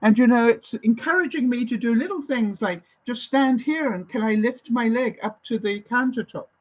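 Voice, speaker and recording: A woman's voice: a little high, normal speed, no room sound, poor audio. A woman from Canada hosting a live vlog, giving viewers an encouraging, motherly pep talk. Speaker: vlogger host. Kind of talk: live-stream chat with viewers.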